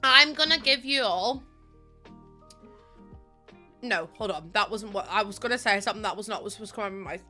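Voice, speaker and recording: A woman's voice: medium pitch, fairly quick, long pauses, pushed and bright, soft background music. A young woman, chatting casually on a live stream, laughing often and answering chat from a room at home.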